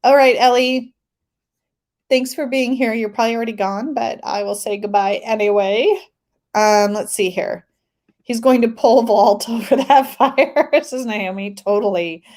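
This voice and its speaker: A woman's voice: on the high side, steady tone, moderate pace, darkish tone. A woman hosting a tarot live stream, chatting casually, reading viewer comments aloud and laughing often.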